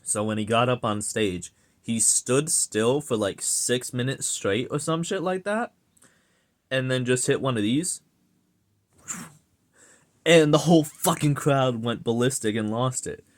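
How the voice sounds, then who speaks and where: A young man rants to his viewers in a loose, off-the-cuff way. He swears freely and sounds exasperated, with a sarcastic edge. His voice sits at a middle pitch for a man. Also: a little slow, pauses often. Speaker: vlogger ranting. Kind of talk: casual rant to camera.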